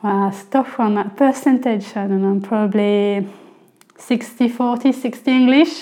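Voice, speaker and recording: A woman's voice: fairly high pitch, steady tone, moderate pace, mellow. French woman chatting in an interview. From France. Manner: chatty, frequent "you know" fillers. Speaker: guest. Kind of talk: casual interview chat.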